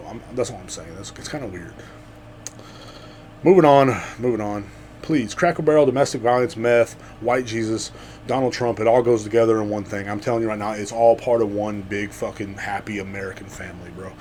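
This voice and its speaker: A man's voice: fairly low pitch, a little fast, a little hiss or hum. Rambling, profane man. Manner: rambling, profane, swings between loud outbursts and mutters. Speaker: podcast host. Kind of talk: casual comedic monologue.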